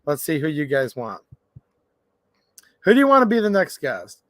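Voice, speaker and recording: A man hosting a casual live stream, chatting and reading viewer comments aloud in an animated way. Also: fairly high pitch, normal speed, no room sound, studio quality. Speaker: livestream host. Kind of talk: casual livestream chat.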